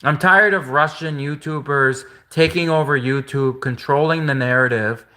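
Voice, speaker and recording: A man delivers a casual, rambling vlog monologue in an indignant tone, doubling back and restating his points again and again. His voice sits a little high and comes across bright and forceful. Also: normal speed. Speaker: vlogger.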